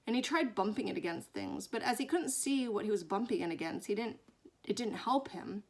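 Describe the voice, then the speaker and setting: A woman reading a children's book aloud, expressive and fond, often dropping into hushed whispers. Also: medium pitch, a little fast. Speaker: storyteller.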